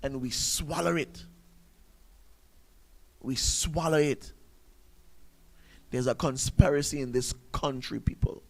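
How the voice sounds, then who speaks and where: A man's voice: medium pitch, slow, vocal fry, long pauses, rough recording. A man, hosting a talk show and ranting through an emphatic commentary full of rhetorical questions. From Sint Maarten.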